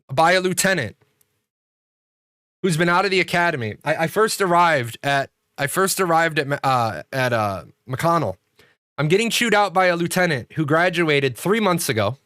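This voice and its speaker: A man from the United States chatting casually on his stream, a profane storyteller who rants and restarts his sentences. His voice sits a bit high and sounds bright and forceful. The recording is close and dry, with no room around it. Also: dry recording. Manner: rambling with frequent restarts. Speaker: streamer hosting a game community show. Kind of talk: casual livestream chat.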